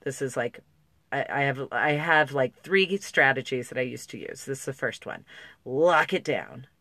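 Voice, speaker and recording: A woman's voice: rumbling low, normal speed, pushed and bright, no room sound. A woman talking candidly to camera, emotional and close to tears, with lots of likes and restarts. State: on the verge of tears. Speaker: parenting vlogger. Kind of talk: casual talk to camera.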